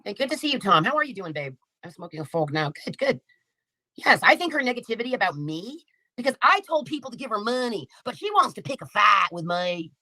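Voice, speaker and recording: A woman hosts a casual live commentary stream. Her voice is bright and cutting, recorded close and dry. She talks with heavy sarcasm and swearing, drawing out sugary mock sympathy. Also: medium pitch, big pitch swings, brisk, no room sound, rough recording. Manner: sarcastic, mocking, profane. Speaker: livestream commentary host.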